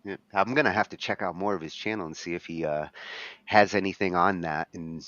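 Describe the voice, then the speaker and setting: A man's voice: low-pitched, brisk, fairly bright tone, no room sound, lo-fi sound. A man whose first language was French, co-hosting a podcast in casual chat, thoughtful and a bit hesitant. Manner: hesitant, restarts and fillers, thoughtful. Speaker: podcast co-host.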